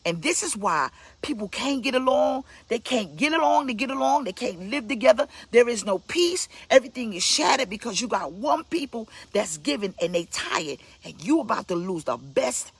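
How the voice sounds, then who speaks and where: A woman's voice: sing-song, normal speed, hardly any pauses, slightly rough, no room sound. A woman pastor from Brooklyn, preaching bluntly and emphatically in a scolding tone. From Brooklyn, New York. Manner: blunt, emphatic, scolding, with sudden pitch leaps. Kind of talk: preaching sermon.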